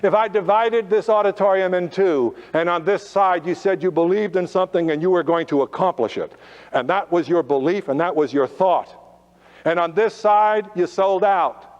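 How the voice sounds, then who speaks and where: A man's voice: sits high, moderate pace. A man giving a motivational talk to a live audience, firing rhetorical questions and drawing out his key phrases. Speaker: motivational speaker. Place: auditorium. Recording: lo-fi recording with long hall reverb.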